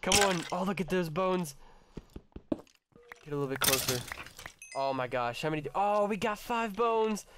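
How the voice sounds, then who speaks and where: Young guy gaming, kinda high voice, gets all hyped and swears when stuff jumps him. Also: moderate pace, pauses often, very noisy. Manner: excitable, talks to his pet and viewers, swears when startled. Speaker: gaming channel host. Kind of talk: casual let's-play commentary.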